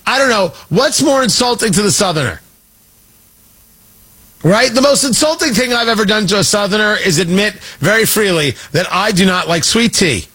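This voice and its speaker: Sarcastic talk-show host, husky and high. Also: male voice, expressive, normal speed, pushed and bright. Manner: sarcastic, mocking, rambling with restarts. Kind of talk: opinionated talk-show commentary.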